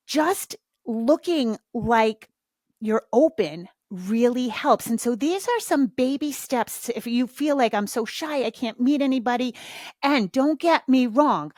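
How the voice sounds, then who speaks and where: A middle-aged woman hosts her own podcast, chatting casually and bluntly and swearing freely. Her voice sits fairly high, and the recording is dry and close with no room sound. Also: a little mellow, dry recording. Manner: frank, swears freely, acts out little dialogues. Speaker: podcast host. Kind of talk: casual solo podcast talk.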